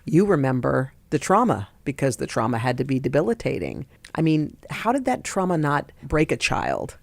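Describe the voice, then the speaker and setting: Deep gravelly woman host. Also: huge pitch swings, moderate pace, no echo. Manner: warm listener giving short affirmations and reflective questions. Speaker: talk show host. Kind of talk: empathetic interviewing.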